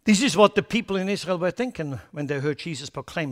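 Preaching fast with lively intonation and a slightly high voice, this man alternates booming declarations and soft asides. He is blunt and scornful toward what he sees as foolish ideas.

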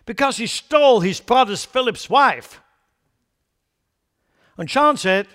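Preacher guy w a high voice, emphatic, loud then quiet, blunt. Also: animated, slow pace, long pauses. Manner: emphatic, swings between loud declarations and quiet asides; blunt and scornful toward foolish ideas. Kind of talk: sermon.

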